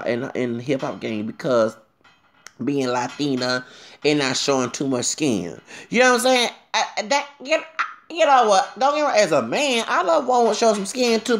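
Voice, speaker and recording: Man, casual rant, opinionated and rambling, somewhat high, gravelly voice. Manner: opinionated, rambling, repeats "okay?" and "you know what I'm saying?". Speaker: commentator.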